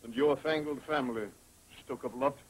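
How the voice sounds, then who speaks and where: An actor playing a stubborn, gruff middle-aged miller in an old 1930s film. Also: male voice, mid-range voice, steady tone, moderate pace, close to an everyday voice, rough recording. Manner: gruff, defiant. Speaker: mill owner and father. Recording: old 1930s film soundtrack with faint hiss.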